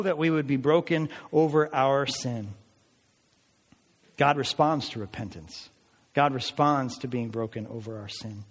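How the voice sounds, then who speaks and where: A man's voice: fairly high pitch, a bit bright, big-room sound. A man preaching a sermon as a pastor, earnest and emphatic, his voice rising on pleading passages.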